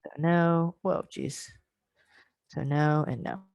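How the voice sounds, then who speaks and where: A woman presenting an online workshop for English teachers over a video call. She explains step by step and models sounds with slow, drawn-out syllables. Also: low-pitched, creaky, darkish tone, clean tone, highs cut off.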